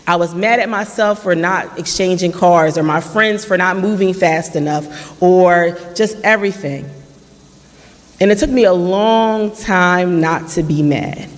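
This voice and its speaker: A mid-range voice, a little slow, tells an earnest personal testimony at a community forum in a church hall. The speaker, in their late 30s, acts out past conversations themselves, and long reverb fills the recording.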